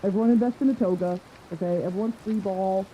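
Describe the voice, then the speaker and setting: A woman's voice: medium pitch, fast talker, dark tone, dull audio, a little hiss or hum. A woman hosting a podcast in casual chat, rambling enthusiastically and swearing often. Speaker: podcast host. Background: faint rain.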